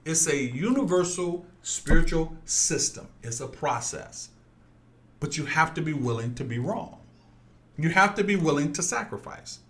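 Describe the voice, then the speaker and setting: A man with a somewhat high voice preaches in an emphatic, repetitive way. He weaves personal stories into his message. He speaks straight to his listeners. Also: animated, normal speed, fairly bright tone. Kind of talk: preaching with storytelling.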